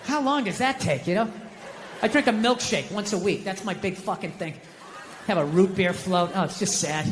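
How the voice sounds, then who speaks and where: A middle-aged man doing a stand-up comedy set, animated and swearing as he rants. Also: sits high, normal speed, in a large hall, slight background noise.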